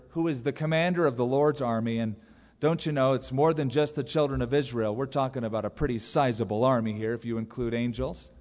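A man of middle pitch preaches from the pulpit, taking the congregation through the story with lively asides and quick voices for each character. His voice carries a long reverb, as though it fills a large church sanctuary. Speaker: pastor. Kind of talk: sermon.

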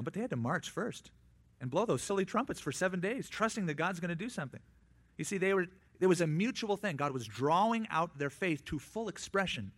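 A man preaching in a relaxed, conversational way. His voice sits fairly high, and he slips quick asides and little acted-out quotes into the sermon. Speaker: pastor.

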